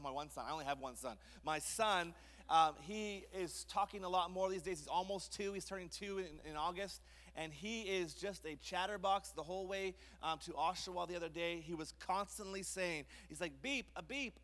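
A young male pastor delivers a sermon in a church sanctuary, his high voice bright and ringing. He tells lively family stories and slips into playful impressions. The sound carries a long hall reverb. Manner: lively storytelling with kid impressions.

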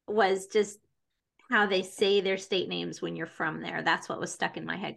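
A woman's voice: medium pitch, moderate pace, creaky, a bit bright. A woman hosting a casual book podcast, chatty and enthusiastic, often laughing as she talks. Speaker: podcast host.

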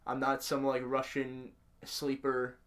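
Man, podcast co-host, wry storyteller, mid-range voice. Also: medium pitch. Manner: wry, deadpan asides, halting restarts. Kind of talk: casual chat. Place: his own house.

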